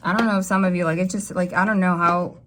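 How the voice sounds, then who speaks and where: A young adult woman giving a casual tarot reading to camera, rambling and emotional, with sudden excited jumps in her voice. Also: on the low side, fast talker, a little hiss or hum. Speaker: tarot reader.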